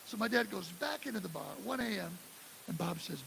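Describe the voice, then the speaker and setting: A man in his sixties from the Detroit area, telling animated stories at a live drum clinic in a music store. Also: sits high, fairly quick, gravelly, rough recording. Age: 60s. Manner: animated storyteller who acts out quotes and scats drum parts. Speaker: guest drummer giving a clinic. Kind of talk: live clinic talk and storytelling. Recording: live room with steady hiss.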